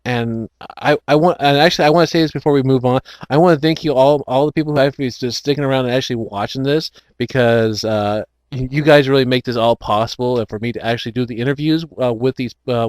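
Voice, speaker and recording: A man's voice: mid-range voice, quick pace, dry recording. A man hosting an online chat show, rambling with many restarts and frequent laughs. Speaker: host.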